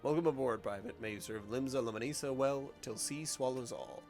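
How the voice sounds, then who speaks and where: A man's voice: medium pitch, fairly quick, darkish tone, faint music behind, close to an everyday voice. A man doing a proud, ceremonial naval captain. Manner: ceremonial, formal.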